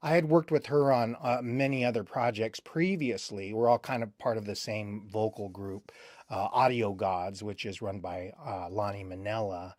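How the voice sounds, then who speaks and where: A man's voice: on the low side, steady tone, normal speed, darkish tone, no room sound. Dry-sounding man, rambling recollection. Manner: rambling, many fillers and restarts. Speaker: voice actor. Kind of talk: recalled interview answers.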